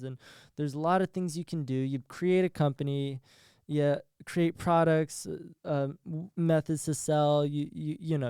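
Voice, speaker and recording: A man's voice: a little high, mellow, clear, resonant tone, no room sound, clean studio sound. A young man hosting a solo podcast, talking in a rambling, profane way and laughing at his own jokes. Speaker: podcast host.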